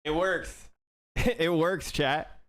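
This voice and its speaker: A young man live-streaming as he codes, talking casually to his chat, laughing often and thinking out loud with restarts. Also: a little high, steady tone, extremely slow.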